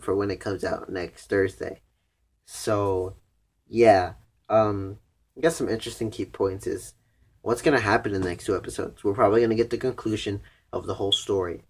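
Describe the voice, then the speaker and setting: A man's voice: on the low side, steady tone, moderate pace. Casual, cursing young man recapping anime. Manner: rambling, profane, heavy use of "like". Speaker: anime reviewer.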